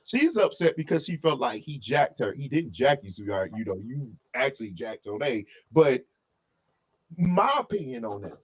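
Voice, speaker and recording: A man co-hosting a casual album review, talking in an opinionated, animated way full of asides and restarts. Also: mid-range voice, moderate pace, slight background noise.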